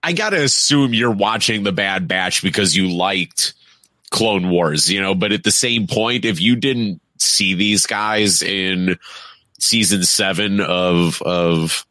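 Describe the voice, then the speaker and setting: A playful man co-hosting a podcast who laughs easily as he talks. His voice is fairly low but bright and forward, recorded dry and close. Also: takes it slowly, dry recording. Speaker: podcast co-host. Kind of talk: casual chat.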